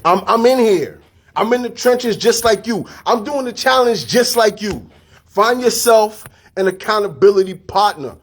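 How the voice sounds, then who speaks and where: A man giving a casual motivational talk, energetic and full of street slang, repeating his phrases. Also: high-pitched, normal speed, a little hiss or hum. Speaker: fitness studio staff and podcast host.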